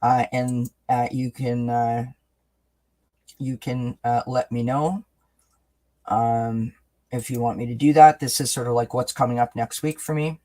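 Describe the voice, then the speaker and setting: A man hosting a live oracle card reading and answering viewers in chat. He talks in a gentle, reassuring way, often checking in with "right?" and "you know.". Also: mid-range voice, fairly even intonation, measured pace. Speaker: oracle card reader and host.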